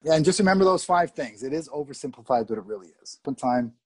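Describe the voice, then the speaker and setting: A middle-aged man from Canada, an actor, telling candid, animated stories about film sets in a casual interview and swearing freely. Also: on the high side, fast talker, husky, dry recording. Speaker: actor guest.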